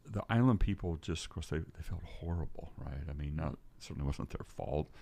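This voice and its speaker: A man's voice: a bass voice, a little fast, creaky, mellow. An older man telling a story as a podcast guest, rambling and restarting his sentences. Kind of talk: storytelling in casual conversation.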